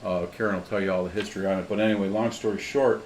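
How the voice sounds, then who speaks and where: Rambling storyteller man, low voice, echoey room. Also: steady tone, racing, a little mellow. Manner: rambling storyteller, many restarts and "blah, blah, blah". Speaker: podcast co-host. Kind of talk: casual chat. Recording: echoey room, faint background noise.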